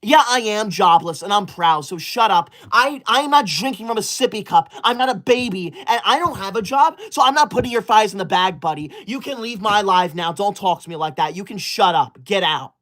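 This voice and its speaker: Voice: medium pitch, animated, fairly quick, hardly any pauses, a bit bright, close to an everyday voice. A performer playing a prim young livestream host who scolds viewers and insists on rules about school. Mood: indignant. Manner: indignant, scolding, self-important. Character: prim bossy young streamer obsessed with school. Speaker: livestream host reading super chats. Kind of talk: comedic character livestream.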